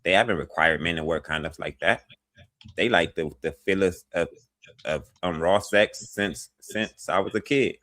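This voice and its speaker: Deep-voiced man arguing in casual talk. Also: normal speed, a bit bright, no room sound, studio quality. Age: 30s. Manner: stammering, insistent. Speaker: podcast panelist. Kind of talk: casual debate.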